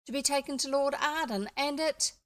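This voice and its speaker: A woman's voice: high-pitched, moderate pace, pitched above the performer's own voice, close to an everyday voice. A woman voicing a bold, scornful boy from an earlier century. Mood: explaining. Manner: confident, scornful.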